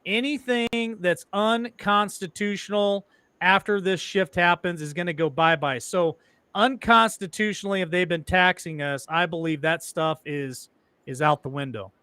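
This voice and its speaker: Bright, clear-voiced male host. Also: high-pitched, normal speed, dry recording. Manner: hesitant, many ums, sarcastic asides. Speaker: show host. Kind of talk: casual conversational talk.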